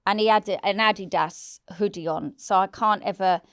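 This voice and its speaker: A podcast guest in her 40s tells a personal story with blunt candor, swearing freely. Her mid-range voice is fairly bright and clean, moving at a moderate pace. The recording is dry and studio quality.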